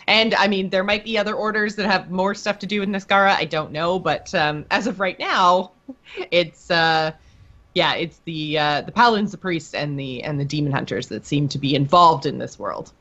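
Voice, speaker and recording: Lowish-voiced woman on a lo-fi podcast mic. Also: a bit bright. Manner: chatty, giggly, lots of likes and ums. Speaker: podcast co-host. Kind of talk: casual gaming chat. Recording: dull lo-fi sound.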